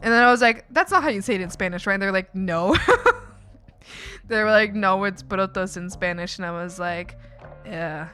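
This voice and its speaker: A woman's voice: medium pitch, normal speed, pushed and bright, clean tone. Giggly, rambling young woman streamer. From Canada. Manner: chatty, giggly, rambling with frequent restarts. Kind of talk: casual chat with viewers. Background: faint background music.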